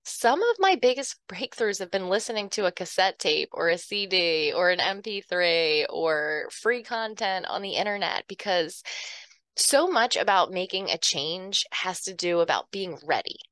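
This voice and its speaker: A woman's voice: on the low side, lively intonation, normal speed, a bit bright, no echo. A woman hosting her own podcast, talking earnestly and emotionally to her listeners and laughing often. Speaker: podcast host. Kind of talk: heartfelt talk to listeners.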